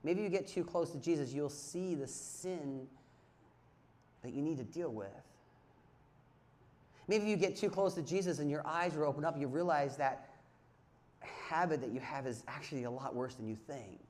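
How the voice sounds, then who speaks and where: A young man preaching a sermon as youth pastor, swinging from hushed asides to loud emphatic calls and repeating lines for emphasis. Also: a little high, moderate pace, pauses often. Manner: repeats phrases for emphasis, asks the audience questions.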